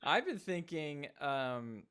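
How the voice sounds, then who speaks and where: A man's voice: a little high, slow, clear, resonant tone. A man hosting a podcast, chatting casually and agreeing in short replies. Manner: relaxed, with brief agreeing replies. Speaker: podcast host. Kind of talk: casual interview chat.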